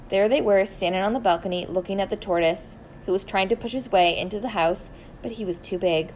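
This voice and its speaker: A woman reading a children's story aloud, expressive and deliberate, slowing down for emphasis. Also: mid-range voice, a little hiss or hum, low-quality recording.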